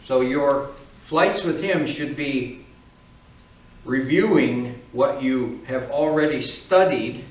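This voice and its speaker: A man's voice: mid-range voice, slow pace. A man instructing flight students in a classroom, speaking in a firm, direct, lecturing manner. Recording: echoey room, from far off.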